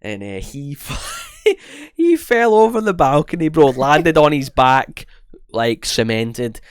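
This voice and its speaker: A man's voice: fairly high pitch, slow pace, clean tone, no echo. Scottish young man telling stories animatedly. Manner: animated storytelling, lots of swearing and restarts. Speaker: podcast co-host. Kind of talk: casual chat.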